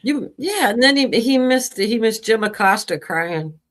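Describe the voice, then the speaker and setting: A woman's voice: on the high side, lively intonation. A woman co-hosting a casual political chat stream, bantering and laughing while she handles the clips. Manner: quick banter, laughing, teasing back. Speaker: co-host and show producer.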